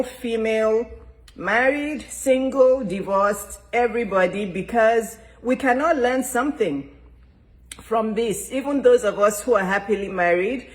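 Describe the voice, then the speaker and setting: A woman's voice: medium pitch, poor audio. Chatty woman hosting a live show. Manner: warm and repetitive, greets and welcomes over and over. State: has a cough drop in her mouth. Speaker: host. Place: home.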